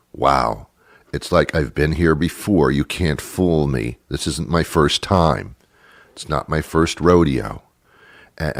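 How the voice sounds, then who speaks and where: A man hosts a talk show, rambling through a comic monologue in a chatty, self-mocking manner and slipping into silly put-on voices. His voice is a rumbling low, captured with studio quality and no echo.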